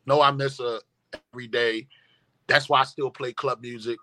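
Animated man, bright voice. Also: medium pitch, normal speed. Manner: animated, emphatic, profane storytelling. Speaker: guest. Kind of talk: storytelling in casual conversation.

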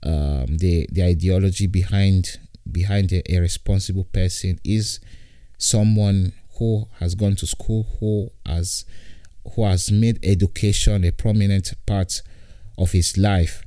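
A man's voice: sits low, fairly even intonation, a little slow, mellow, no echo, studio quality. A man in his twenties from Italy, hosting a casual podcast monologue from home while lying down, rambling with frequent repeats and laughs. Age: 20s. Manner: rambling, repetitive, laughs often. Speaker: podcast host and comedian.

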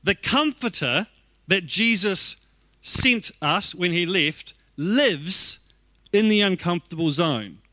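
A man with a high, bright voice preaches to his church with energy. He shifts easily into playful asides and little jokes with the congregation. The sound is close and dry, with almost no room echo. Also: slow pace. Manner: lively, joking asides to the congregation. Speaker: pastor. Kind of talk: sermon.

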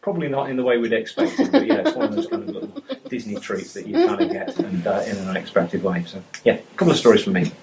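A man's voice: fairly low pitch, wildly swooping pitch, quick pace, over a noisy crowd. A man from Britain telling a rambling, self-mocking story to a live audience, with lots of fillers. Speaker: fan telling a story at a meetup.

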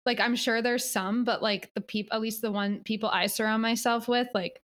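Relaxed young woman in casual chat. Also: on the high side, moderate pace. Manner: relaxed, laughs along, many "like" fillers.

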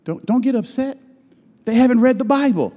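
High, lively man preaching in a church. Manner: swings from loud shouting to low murmurs, drawn-out emphatic phrases. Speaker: pastor. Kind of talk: sermon. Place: church sanctuary. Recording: long hall reverb.

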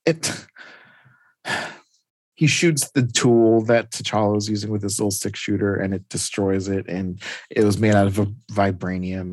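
A man's voice: fairly low pitch, a little mellow, dry recording. Rambling man recapping a comic. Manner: rambling, many "like"s and restarts. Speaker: podcast host.

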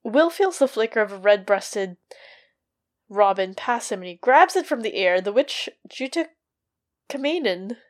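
A young woman co-hosting a podcast, summarizing a book with relaxed asides. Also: mid-range voice, a little slow. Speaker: podcast co-host. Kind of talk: casual book discussion.

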